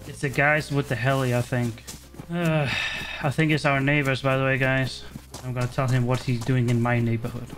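A man giving casual, excitable commentary while playing a survival game, swearing and cutting himself off mid-word. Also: mid-range voice, normal speed, soft background music. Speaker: gaming streamer.

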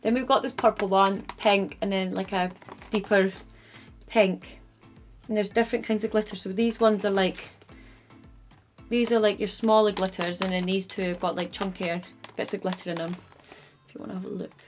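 A woman's voice: mid-range voice, little pitch movement, moderate pace, long pauses. A woman beauty vlogger chatting to camera in a casual haul video, gushing and filling her sentences with "like" and "um.". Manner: gushing, chatty, heavy use of "like" and "um". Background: background music.

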